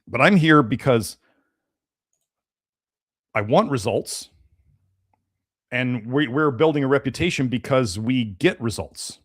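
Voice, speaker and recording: A man hosting a live-stream Q&A, answering chat questions in a casual, rambling way with many fillers and restarts, and sounding a little congested. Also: medium pitch. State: slightly congested, sneezy. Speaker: host of a health podcast.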